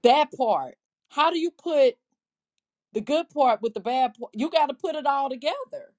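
A woman's voice: high voice, expressive, darkish tone. A woman co-hosting a casual faith podcast, speaking earnestly, restarting her sentences and quoting scripture aloud. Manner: earnest, talks in halting restarts, quotes scripture. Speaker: podcast co-host.

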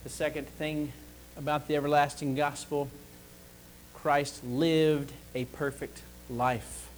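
A man preaching a sermon, slow and deliberate, pausing to ask the congregation for an amen. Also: a little high, little pitch movement, slight background noise, poor audio.

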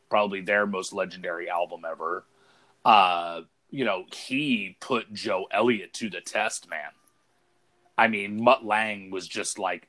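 A man's voice: fairly low pitch, fairly bright tone. A man co-hosting a casual podcast chat, telling a rambling story with lots of fillers and restarts. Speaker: podcast co-host.

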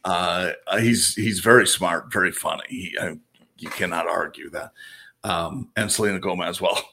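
A man with a fairly low voice rambles through a casual podcast chat. He fills the gaps with "uh" and "um," restarts his sentences, and chuckles often. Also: normal speed, pushed and bright. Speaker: podcast co-host.

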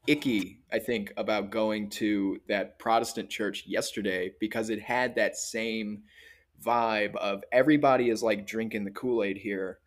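Hesitant, self-deprecating man chatting. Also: lowish voice. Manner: hesitant, self-deprecating, many fillers and restarts. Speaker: podcast co-host. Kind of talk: casual chat.

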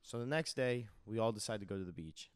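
A man's voice: lowish voice, lively intonation, fast, clear, resonant tone. A man who is a podcast guest, chatting casually and profanely about a trip, often laughing. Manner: easygoing, profane, chimes in with laughs. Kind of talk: casual chat.

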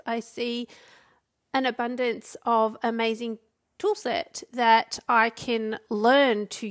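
A woman's voice: a little high, gravelly, a bit bright. A woman, a coach, talking casually on her own podcast with frequent restarts. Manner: conversational, with restarts and acted quotes. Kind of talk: solo podcast talk.

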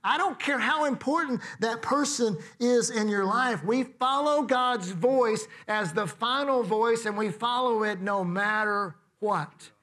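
A man's voice: very high-pitched, unhurried, hardly any pauses, pushed and bright. A man preaching a sermon in a conversational way, asking the congregation rhetorical questions. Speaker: pastor.

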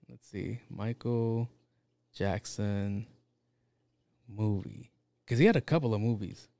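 Rambling, profane man with a mellow voice. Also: on the low side, takes it slowly, creaky. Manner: rambling, profane, lots of fillers. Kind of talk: casual comedic rant.

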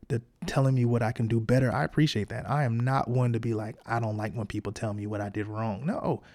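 Gravelly-voiced man hosting a podcast. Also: mid-range voice, mellow. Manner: frank, encouraging, conversational slang. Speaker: podcast host. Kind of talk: casual solo podcast monologue.

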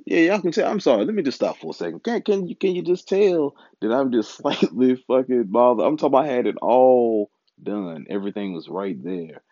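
A married adult man hosts his own podcast, ranting casually in a frustrated, profane, rambling way. His mid-range voice has lively intonation and a dark tone, and he talks fairly quickly with few pauses. The dry, dull lo-fi sound comes from a home recording setup.

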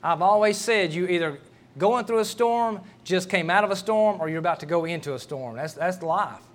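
Male pastor, middle-aged, fairly high voice, homespun storyteller who stumbles and restarts mid-sentence. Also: normal speed. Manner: folksy, storytelling, repeats words as he restarts. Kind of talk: sermon.

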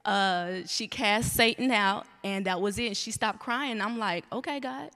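A woman's voice: mid-range voice, a little slow, bright, forceful tone, in a large hall. A young woman giving a candid, rambling church testimony. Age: young adult. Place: church sanctuary.

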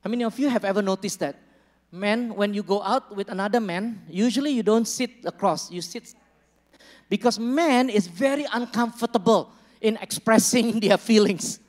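A man's voice: high-pitched, moderate pace. A man preaching a sermon as a pastor, conversational and joking with the congregation, acting out small dialogues. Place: church hall. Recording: long reverb of a large church hall.

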